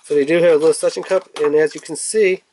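A man's voice: a little high, fast, a little hiss or hum. Chatty man unboxing toys. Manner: chatty, rambling with fillers, excitable when revealing toys. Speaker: toy reviewer. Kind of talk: casual unboxing review.

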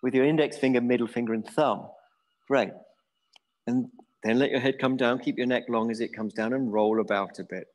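A middle-aged man with a relaxed, musing manner, leading a yoga class and drawing out words slowly. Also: medium pitch, rough recording. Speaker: yoga teacher. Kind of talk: guided yoga class instruction.

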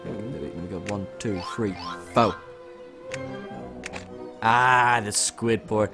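A man's voice: fairly low pitch, very slow, long pauses, bright, forceful tone, soft background music. A young man casually commenting on a game he plays, reading its lines aloud with playful outbursts. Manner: chatty, reads game dialogue aloud with playful exclamations. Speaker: let's play host.

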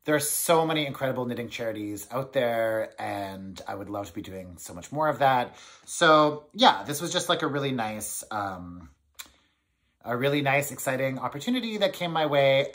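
A man hosts a knitting podcast and chats casually to the camera. He sounds excitable and rambles, with plenty of fillers and restarts, at an ordinary mid pitch. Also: moderate pace.

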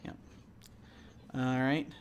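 A male game master runs a tabletop role-playing game, speaking casually and haltingly with lots of fillers and restarts. He laughs often.

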